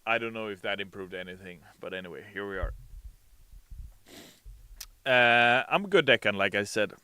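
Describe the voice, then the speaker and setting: A man streaming casually, sounding a little sleepy and hesitant as he fills pauses with "uh". His voice is smooth and bright, and fairly low. The sound is close and dry, with no room in it. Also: dry recording. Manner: reads chat messages aloud in a brighter, louder voice; relaxed, hesitant with frequent uh fillers. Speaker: game developer streamer reading chat. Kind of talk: casual live-stream chat.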